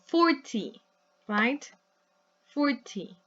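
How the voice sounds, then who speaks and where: Her voice sits high and is very animated, with a fairly bright tone, though the audio is dull and there's slight background noise. She's a woman teaching English in a recorded video, patiently modelling words slowly for repetition and frequently checking in with "right?" and "yes?".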